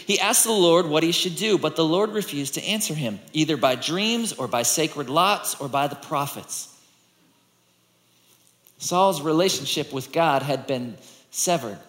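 Male pastor, somewhat high voice, lively conversational preaching, long hall echo. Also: measured pace. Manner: conversational and animated, reading scripture aloud and voicing characters. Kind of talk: sermon.

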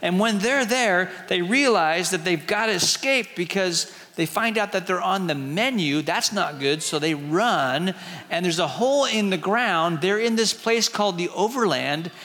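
Brief: lively storytelling teacher, man with a bright, ringing voice, echoey hall. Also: high-pitched, a little slow. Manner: chatty, asks the audience questions. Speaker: teacher retelling a book. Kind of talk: storytelling to a group with slides.

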